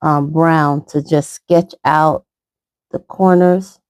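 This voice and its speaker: In a casual makeup tutorial, a middle-aged woman vlogger chats and rambles while doing her makeup. Her deep, darkish voice is clear and resonant, slow-paced with fairly even intonation. The recording is dry.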